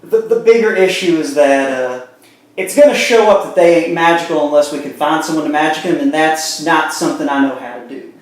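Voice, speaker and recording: A man's voice: fairly high pitch, brisk. A man playing a tabletop role-playing game, with laid-back, joking asides. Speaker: player. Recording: very echoey room.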